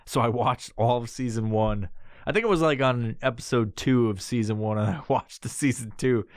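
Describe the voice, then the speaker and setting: Speaking at a normal speed, a podcaster in his thirties recounts a rambling story laced with profanity, putting on loud, high voices for quoted lines. The recording is dry and of studio quality.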